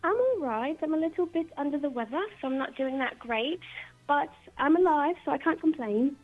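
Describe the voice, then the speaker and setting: A woman's voice: high-pitched, expressive, normal speed. A woman calling in to a radio show, trying a put-on British accent. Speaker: caller. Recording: tinny phone line with music behind.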